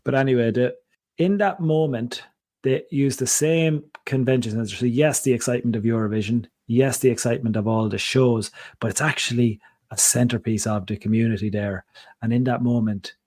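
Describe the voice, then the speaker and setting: A man chatting as a podcast co-host, his voice sitting at an ordinary middle pitch. He rambles and digresses, cutting himself off and circling back. The sound is dry and close, with no room echo. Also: fairly even intonation, normal speed, a little mellow. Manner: rambling, digressive, self-interrupting. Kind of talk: casual chat.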